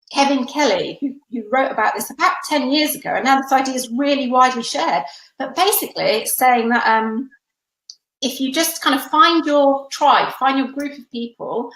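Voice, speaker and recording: A woman's voice: fairly high pitch, fairly bright tone, roomy sound, rough recording. A woman giving a webinar workshop over a webcam, chatty and encouraging with frequent fillers. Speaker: workshop presenter. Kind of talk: webinar teaching talk.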